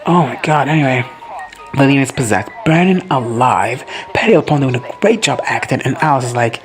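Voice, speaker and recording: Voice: medium pitch, animated, a little fast, faint music behind. A host giving a casual, profane reaction recap, gushing and quoting characters in playful asides.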